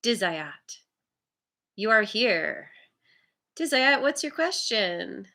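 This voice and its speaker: Slow-talking bright-voiced tarot reader. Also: female voice, mid-range voice. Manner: laughs often, warm and encouraging to viewers; stumbles over viewer names. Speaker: tarot reader hosting a live stream. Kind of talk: casual live-stream chat.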